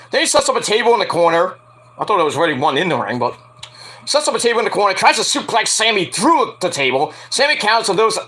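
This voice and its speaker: A high, lively male voice that swoops all over its range, with a bright, tense edge. He rambles through a wrestling recap, swearing freely and bursting into yelped impressions of the people involved. The delivery is loose and unscripted. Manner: profane, rambling, acts out quotes with yelps. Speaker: wrestling review host. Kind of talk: casual solo review.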